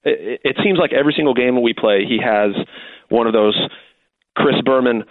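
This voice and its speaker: A man's voice: mid-range voice, normal speed, dry recording. A man in his thirties from Texas, a football player answering interview questions in a rambling, casual way with many restarts and fillers. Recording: dry, phone-like line.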